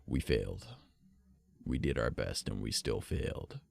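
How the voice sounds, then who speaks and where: A man's voice: a bass voice, a little slow, creaky, a little mellow. A young man with a stuffy nose, streaming and rambling casually, swearing and playing mock-offended. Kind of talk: casual chat.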